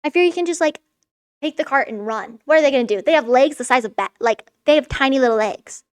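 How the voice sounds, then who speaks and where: A woman's voice: sits high, a little fast. A young woman vlogger giving a casual, sarcastic recap of a children's story, swearing freely as she goes. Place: room in a school.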